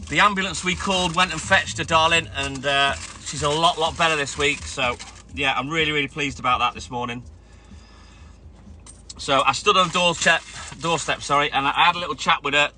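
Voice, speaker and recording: A middle-aged man out on his milk round chats casually with his live-stream viewers, greeting them by name. He speaks at a moderate pace in a medium-pitched voice while music plays loudly behind him.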